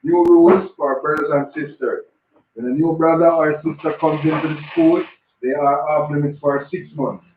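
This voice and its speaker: A man's voice: fairly high pitch, steady tone, moderate pace. A man formally reading out class announcements and calling drill commands at a religious school. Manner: formal, declaiming, calls out commands. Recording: echoey distant phone-like line with loud noise.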